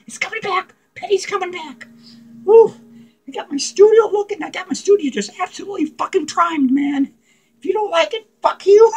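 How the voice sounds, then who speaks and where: A man's voice: very high-pitched, rough recording. A man playing a manic, unhinged male clown who rambles giddily and crudely in a comedic character vlog, cackling and swearing. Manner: cackling, profane, giddy rambling.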